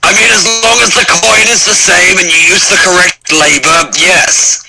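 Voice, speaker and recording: A man plays a tabletop game, talking playfully and hesitantly with lots of restarts. His voice sits fairly high. Heavy noise covers the call audio. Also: moderate pace, creaky. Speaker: player. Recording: loud noisy call audio.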